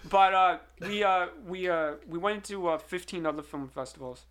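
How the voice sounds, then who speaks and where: A young man co-hosting a podcast, telling a story in an excitable way and tripping over repeated words. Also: sits high, moderate pace, clear, resonant tone. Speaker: podcast co-host. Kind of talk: casual chat.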